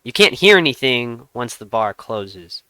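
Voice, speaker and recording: A man narrating a tabletop game as game master, telling the scene with dramatic pauses. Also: medium pitch, clean tone, no echo. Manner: lively storytelling with dramatic pauses.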